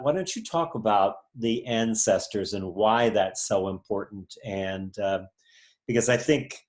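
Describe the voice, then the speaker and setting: A man's voice: lowish voice, a little mellow. A man hosting an interview, asking thoughtful, probing questions. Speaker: interview host.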